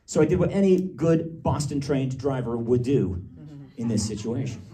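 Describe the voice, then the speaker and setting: A man's voice: medium pitch, expressive, moderate pace, crowd noise. Stand-up comic man from Massachusetts, a bit distant. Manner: conversational, riffing with audience, bursts into shouted rants. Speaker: stand-up comedian. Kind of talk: stand-up comedy set. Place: comedy venue with live audience.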